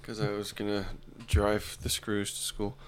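A man's voice: on the low side, monotone, unhurried, very noisy. A man co-hosting a casual comedy podcast, trading jokes and silly wordplay. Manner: joking, reads news in a put-on accent. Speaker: podcast co-host.

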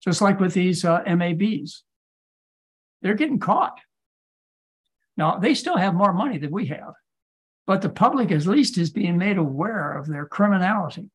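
A man's voice: high-pitched, expressive, normal speed, long pauses, breathy edge. A man who is a physician, giving lecture-style answers in a podcast Q&A and pressing his points with insistent rhetorical questions. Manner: emphatic, hammering rhetorical questions.

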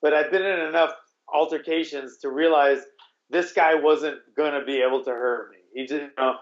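A man's voice: a little high, steady tone, normal speed. A man telling a casual story in a rambling way, full of restarts and the odd curse word. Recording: roomy, dull sound.

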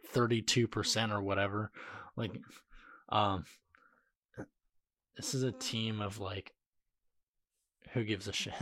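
A man's voice: on the low side, a bit bright. A man co-hosting a sports podcast, speaking in a laid-back, wry way with fillers. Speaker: podcast co-host. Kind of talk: casual sports podcast chat.

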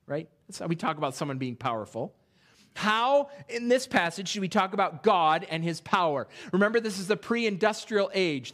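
A man preaching an expository sermon in a church, reading scripture aloud and posing rhetorical questions with animated delivery. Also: on the high side. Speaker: pastor. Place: church sanctuary.

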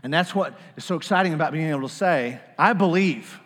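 A man preaching a sermon, animated, leading the congregation in call-and-response. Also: a little high, a little fast, big-room sound. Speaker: pastor.

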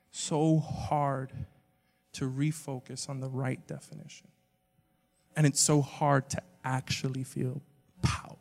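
A young man preaching a sermon to a live audience, talking casually with many "like"s and swinging between quiet stretches and loud emphatic bursts. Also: on the high side. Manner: casual and conversational, peppered with "like". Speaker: pastor. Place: live church auditorium with an audience. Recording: long reverb of a large hall.

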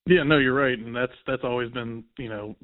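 A man's voice: medium pitch, brisk, no echo. A man, a guest on a podcast, giving easygoing, conversational sports analysis. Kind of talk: casual sports chat. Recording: tinny phone line, dry.

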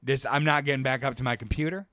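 A man telling a work story over a podcast mic, swearing freely and rambling through it, breaking into laughter. His voice sits at an ordinary middle pitch. The sound is dry and close. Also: fairly even intonation, quick pace, pushed and bright, no room sound. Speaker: podcast co-host. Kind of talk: casual storytelling chat.

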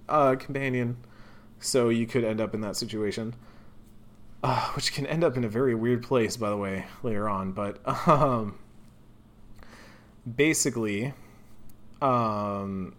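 A man with a fairly low voice talks through a game's story on a casual podcast. He laughs easily, drops the odd curse, and slips into quick character voices. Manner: laughing, swearing, acts out characters. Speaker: podcast co-host. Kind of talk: casual game recap chat.

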